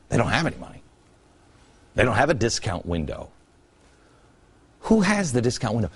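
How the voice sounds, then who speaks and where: A man's voice: wildly swooping pitch, moderate pace, pauses often, husky. A man hosting a political commentary show, delivering a sarcastic monologue full of rhetorical questions. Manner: sarcastic, rhetorical questions, dramatic pitch swings. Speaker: TV commentary host.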